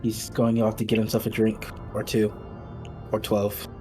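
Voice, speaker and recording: A man's voice: on the low side, monotone, moderate pace, warm tone, faint music behind. A man playing a tabletop game, joking casually and speaking grandly in character. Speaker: player.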